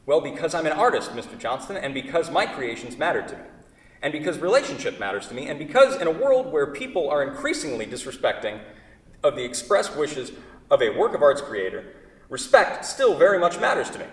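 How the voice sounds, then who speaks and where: A man's voice: fairly high pitch, big pitch swings, a little fast. A man reading a prim, stubborn furniture maker. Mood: indignant. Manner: prim, stubborn, flustered, sputtering restarts. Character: fussy, prideful male furniture maker artist. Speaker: community reader in a staged play reading. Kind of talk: staged play reading, one side of a phone call. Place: large indoor theater stage. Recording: echoey theater hall, mic far off.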